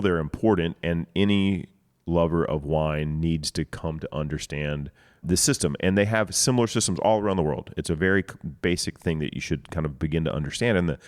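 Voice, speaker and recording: Very deep-voiced man telling stories. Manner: enthusiastic storyteller, acts out dialogue. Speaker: winery co-owner, guest. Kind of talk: casual storytelling. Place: outdoors in a vineyard.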